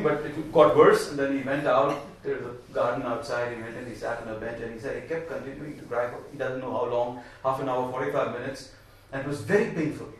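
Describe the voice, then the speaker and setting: A man speaking as a spiritual speaker, telling a story animatedly and stressing points with repeated phrases. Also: mid-range voice. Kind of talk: storytelling talk. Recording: echoey room from far off.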